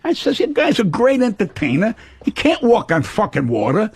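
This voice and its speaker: Casting: older man in his seventies, brash foul-mouthed storyteller, husky voice, high for a man, dry studio sound. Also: huge pitch swings, moderate pace, no room sound. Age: 70s. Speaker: comedian guest. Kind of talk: radio talk show banter. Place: radio studio.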